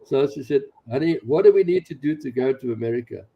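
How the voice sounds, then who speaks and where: A man in his sixties, a missionary pastor, telling his personal testimony in an animated way, chuckling along as he goes. The recording sounds dull and lo-fi. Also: medium pitch, fast talker.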